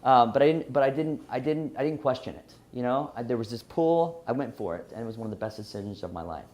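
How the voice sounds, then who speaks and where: A Louisiana man with a light Southern twang speaks to an audience about his own life. He is earnest, restarts his sentences often and laughs at himself, his voice sitting at an ordinary middle pitch. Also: animated, quick pace, a little mellow. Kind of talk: personal story talk.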